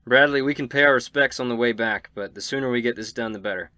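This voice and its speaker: A man's voice: fairly low pitch, rapid-fire, a bit bright, dry recording, close to an everyday voice. A man voicing a tough, no-nonsense female sheriff in a tabletop game, speaking in a blunt, drawling, commanding way. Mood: gruff.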